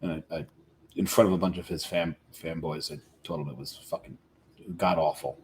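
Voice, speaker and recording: A man's voice: very deep voice, fairly even intonation, normal speed, darkish tone, slight background noise. A man co-hosting a casual beer podcast, trading wry jokes. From New Jersey. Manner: wry, joking banter. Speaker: podcast co-host. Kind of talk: casual chat.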